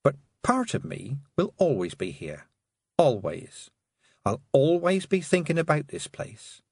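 Male narrator playing a steely young witch girl: calm, measured, quietly threatening. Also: a little high, creaky, slightly rough, dry recording, studio quality, pitched above the performer's own voice, full character voice.

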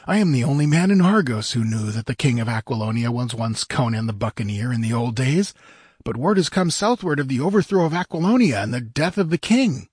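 A man reading an audiobook, voicing a nervous, wealthy middle-aged male merchant in a raised, strained, pleading voice, husky and dry. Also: big pitch swings, a little fast, a little mellow, no echo. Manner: fearful, pleading, higher strained voice. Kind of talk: audiobook character voice.

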